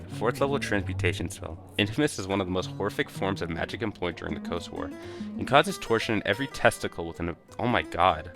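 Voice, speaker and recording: A man's voice: low voice, animated, quick pace, creaky. A man streaming a role-playing game, reading its text aloud and adding chatty, wry asides. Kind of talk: live-stream commentary while reading game dialogue. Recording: game music playing behind.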